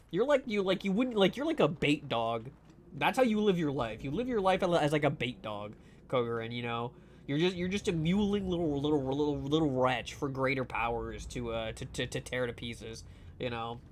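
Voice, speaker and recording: A man's voice: fairly high pitch, slight background noise. A man streaming a game live, chatting casually in a rambling, profane, teasing way full of fillers. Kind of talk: casual live gameplay chat.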